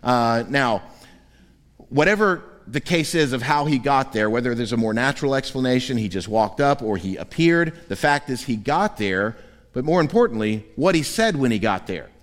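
A man preaching a sermon as pastor in a church, lively and humorous, acting out quoted voices. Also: medium pitch, moderate pace, big-room sound. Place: church sanctuary.

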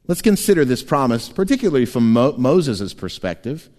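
A man preaching a sermon as pastor, animated and playful, often laughing and slipping into quick voices. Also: mid-range voice. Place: church sanctuary. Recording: long church hall reverb.

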